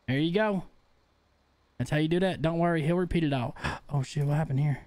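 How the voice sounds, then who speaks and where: A man's voice: fairly high pitch, brisk, a little mellow, no room sound. A young man livestreaming a game, chatting playfully with his audience and his baby son, with faint music behind him. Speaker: livestreamer and father. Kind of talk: casual gaming livestream chat.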